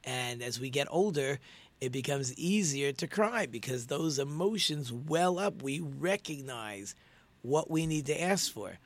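A man's voice: medium pitch, expressive, unhurried. A middle-aged man, a prayer leader, giving an informal religious teaching talk in an earnest way, often repeating words and phrases for emphasis.

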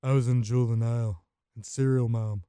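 Comic bit: a man doing a brassy, husky-voiced actress impression, loud and strained, crisp and close. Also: mid-range voice, steady tone, a little fast, no echo, lightly acted. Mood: showy.

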